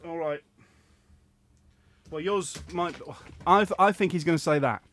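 A man's voice: on the high side, measured pace, fairly bright tone. A man hosting a podcast, chatting casually, teasing his friends and laughing often. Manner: laughs a lot, teasing and upbeat. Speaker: podcast host.

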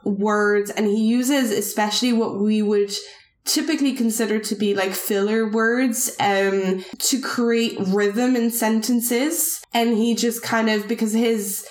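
A woman's voice: fairly high pitch, steady tone, unhurried. Woman, thirties, non-native English accent, podcast co-host, rambling casual talk, roomy echo. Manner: rambling, many fillers and restarts. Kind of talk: casual chat.

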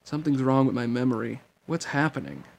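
A man's voice: mid-range voice, very animated, a little fast, creaky, darkish tone, a little hiss or hum. Man reading as Leon, a cold curt swordsman. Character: cool aloof male swordsman, young adult. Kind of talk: amateur audiobook reading.

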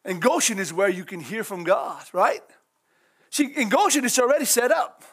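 This Cajun preacher's voice is very high-pitched, husky, and expressive, moving at a normal speed. He gives a down-home sermon, regularly bursting out with "praise God" and "hallelujah" and often chuckling between lines.

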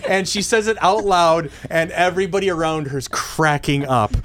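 Middle-aged male podcast host, lively raconteur, mimics voices. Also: a little high, normal speed, slight background noise. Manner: animated storyteller, acts out voices. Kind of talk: casual podcast chat.

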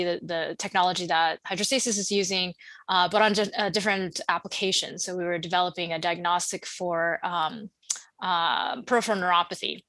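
Woman in her thirties, podcast guest, chatty with restarts, bright tone, dry close sound. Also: fairly low pitch, dry recording. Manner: chatty, with many fillers and restarts. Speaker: guest, startup founder. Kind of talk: casual interview conversation.

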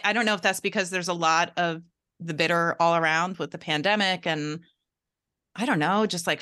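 A woman's voice: on the low side, pushed and bright. A woman on a podcast speaking candidly and hesitantly about a book. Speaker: podcast panelist. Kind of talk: casual podcast book discussion.

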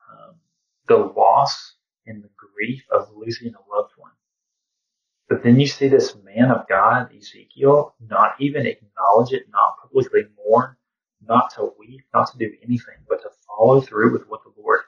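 A man's voice: mid-range voice, creaky. A man leading an informal Bible study, talking in a reflective, conversational way and often saying "you know". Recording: distant, dull lo-fi sound.

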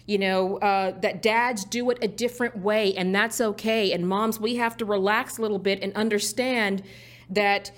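A woman's voice: mid-range voice, fairly even intonation, moderate pace. A woman hosts a talk show and chats with a guest. She sounds enthusiastic and rallying. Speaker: show host. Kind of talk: political talk show chat.

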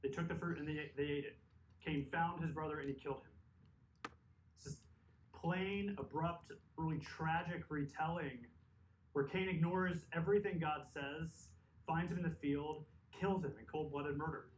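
A man's voice: a little high, fairly even intonation, moderate pace, a little hiss or hum. A man preaching a sermon, earnest and emphatic, with conversational asides. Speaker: pastor. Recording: echoey hall mic from a distance.

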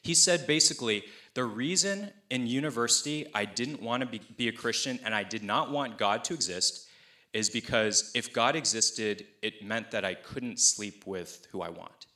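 A young man preaching a sermon in a conversational, animated way, acting out the people he quotes with playful asides. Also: medium pitch, normal speed. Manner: acts out voices of people he quotes. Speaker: pastor.

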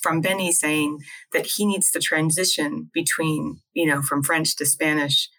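A woman's voice: low voice, flat delivery, measured pace, fairly bright tone, low-quality recording. A woman from New Jersey chatting casually as co-host, talking in a rambling way with frequent restarts. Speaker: co-host, acupuncturist. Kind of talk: casual video chat.

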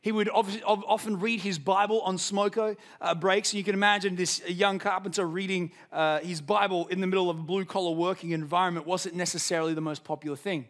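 A young man preaches in a high, bright-toned voice. He tells stories in an easy way, then drives his points home with rising emphasis. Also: steady tone, a little fast, hardly any pauses. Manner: storytelling, rises to emphatic peaks. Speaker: pastor. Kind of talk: sermon.

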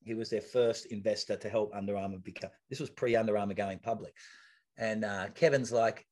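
A middle-aged man, a podcast guest telling an anecdote in a lively, chatty way, often restarting and repeating words. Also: lowish voice, brisk. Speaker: podcast guest, retired athlete.

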